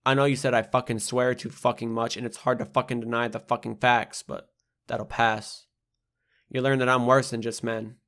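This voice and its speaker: A young man with a voice of ordinary middle pitch reads his own poems as an audiobook. His delivery rides a steady hip-hop rhythm, landing hard on rhymes and swearing bluntly and without apology. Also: normal speed. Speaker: poet reading his own book. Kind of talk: spoken-word poetry reading.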